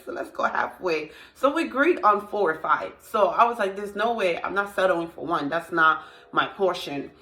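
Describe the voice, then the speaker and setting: An earnest young woman telling her faith story in a confiding, heartfelt way, often circling back to repeat a phrase. Her voice sits a little low for a woman. The recording is echoey, with the room ringing around her. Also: fairly bright tone. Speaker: testimony vlogger. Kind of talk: personal faith testimony, casual.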